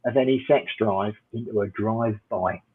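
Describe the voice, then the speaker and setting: A man's voice: lowish voice, moderate pace, breathy edge. A middle-aged English man doing a dry, rambling, self-mocking stand-up routine. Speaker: stand-up comedian. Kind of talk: stand-up routine over video call. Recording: tinny phone-like line.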